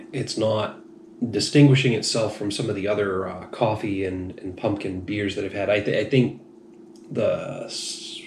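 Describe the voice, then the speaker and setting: A slightly tipsy man with a lowish, vocal-fry voice gives a casual beer review monologue, rambling, frank, and self-deprecating. It's recorded in an echoey room with faint noise.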